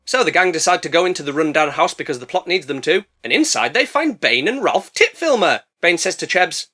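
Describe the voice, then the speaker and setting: Lively, sarcastic man. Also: fairly high pitch, fairly quick, few pauses. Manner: sarcastic, profane, jokey. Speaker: film reviewer. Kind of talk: comedic movie review narration.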